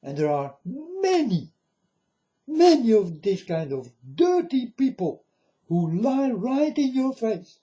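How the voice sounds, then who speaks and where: A man giving an earnest, halting religious monologue to camera in non-native phrasing. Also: extremely high pitch, big pitch swings, dark tone, dull audio. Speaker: religious video maker.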